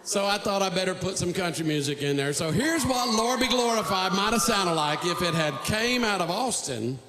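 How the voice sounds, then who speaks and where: A man's voice: sits high, normal speed, a crowd in the background. A male singer-songwriter on a live stage, telling rambling jokes between songs. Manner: rambling, joking storyteller. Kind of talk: comic concert patter between songs. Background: acoustic guitar.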